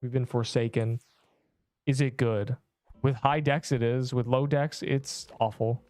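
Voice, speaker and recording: A man's voice: medium pitch, steady tone, unhurried, a little mellow, dry recording, soft background music. A young man streaming a video game, chatting casually and rambling to his viewers. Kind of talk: casual live-stream commentary.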